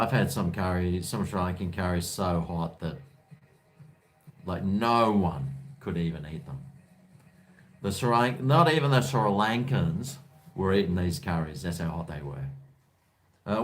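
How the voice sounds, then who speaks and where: An Australian man hosts a casual live stream from home, rambling and reading viewer comments aloud. His voice is deep and his speed normal.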